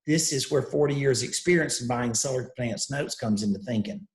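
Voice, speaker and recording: A man's voice: medium pitch, a little fast, reverberant, low-quality recording. An older man teaching real estate investing, telling a story and acting out the dialogue. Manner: animated storyteller, acts out dialogue.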